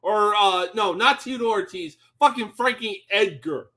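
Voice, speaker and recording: A man's voice: high-pitched, measured pace. Profane, exasperated fight-stream commentator, man. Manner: exasperated, swearing, yelling at the fighters.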